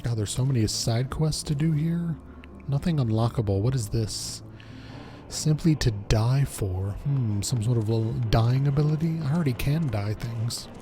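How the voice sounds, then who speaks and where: A man's voice: mid-range voice, normal speed, mellow, a little hiss or hum. A man streaming a game, making crude, joking asides between stretches of dialogue in casual commentary.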